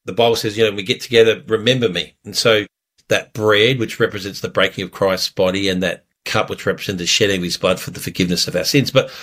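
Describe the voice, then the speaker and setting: A man preaching as a pastor, telling a story earnestly before communion, lively when he retells it. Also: on the low side, fast talker.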